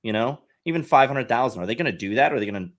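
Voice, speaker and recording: A man's voice: medium pitch, lively intonation, racing. A man, a guest on a podcast, talking at length in an earnest, explaining way with frequent restarts. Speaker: podcast guest, satire site head. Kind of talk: casual podcast conversation.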